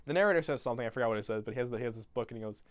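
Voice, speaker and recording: A man's voice: mid-range voice, rapid-fire, no room sound. A young man rambling through a comedic movie recap in a loose, crude, casual way. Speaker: YouTuber.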